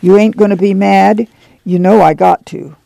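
A guilt-ridden farmer uncle, voiced by a man reading a novel speaks slowly and sadly in rural dialect. The voice is gravelly and mellow, pitched a little high, with a dry sound. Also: steady tone, dry recording. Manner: slow, sad, rural dialect.

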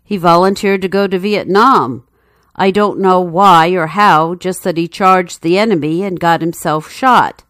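A woman's voice: fairly low pitch, unhurried, a bit bright, dry recording, studio quality. A woman reading the lines of a man's old school friend, blunt and matter-of-fact. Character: man on a phone line, blunt old school buddy.

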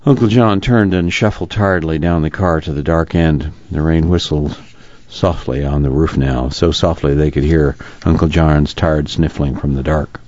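Deep-voiced man reading on radio. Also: fairly even intonation, normal speed, darkish tone, lo-fi sound. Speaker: radio reading-service announcer and reader.

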